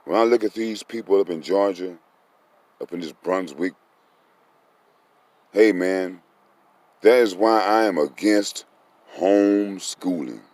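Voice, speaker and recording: Texas guy ranting slow and low, blunt and scornful opinion talk. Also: darkish tone, no room sound. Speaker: online commentator.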